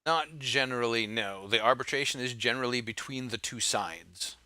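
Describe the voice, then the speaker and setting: A man running a tabletop game, explaining the rules in a measured way. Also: medium pitch, sharp tone, no echo. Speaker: game master.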